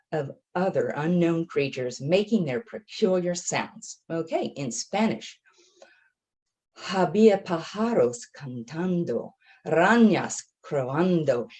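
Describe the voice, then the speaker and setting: A woman's voice: fairly low pitch, a little mellow. A woman author chatting casually and animatedly about how she made her book, with self-deprecating asides. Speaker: author giving a talk. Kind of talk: casual storytelling talk.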